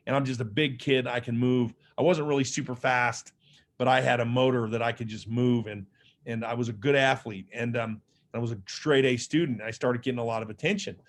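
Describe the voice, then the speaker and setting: Speaking briskly in a medium-pitched, steady voice, a middle-aged man shares a personal story as a motivational speaker. His manner is earnest and conversational, with plenty of fillers and false starts.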